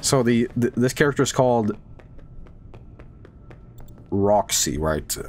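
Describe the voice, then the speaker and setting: A man's voice: mid-range voice, slow, soft background music. A man in his thirties giving casual, jokey commentary while streaming a horror game. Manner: animated, jokey, breaks into silly sung bits.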